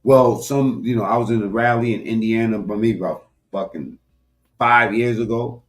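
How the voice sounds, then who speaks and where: A man giving a profane, animated political commentary rant, talking straight to his viewers with sudden loud swings. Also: on the low side, normal speed, soft background music. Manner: animated, loud swings, heavy swearing, talks to viewers directly.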